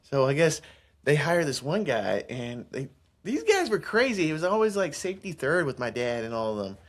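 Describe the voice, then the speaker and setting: Excitable young man, lively and slightly high. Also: normal speed. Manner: excitable storyteller, laughs often, says bro and dude. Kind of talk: casual podcast chat.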